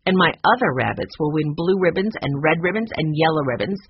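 A storybook reader voicing a spoiled, boastful girl who breeds rabbits, in a shrill, demanding tone. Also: lively intonation, a little fast, muffled recording, a little hiss or hum, close to an everyday voice.

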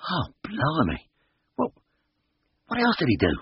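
A frightened young airman who stammers and gasps, his voice pushed well up and all over the place, as a male reader puts him on. A husky edge comes through on a dull, lo-fi audiobook recording. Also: medium pitch, huge pitch swings, moderate pace, no echo, pitched above the performer's own voice, full character voice. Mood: panicky. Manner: gasping, panicky, stammering.

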